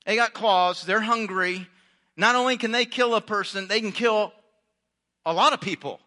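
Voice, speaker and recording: A man's voice: high voice, moderate pace, bright, forceful tone. A man preaching a sermon, reading scripture aloud and adding chatty, joking asides for his congregation. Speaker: pastor.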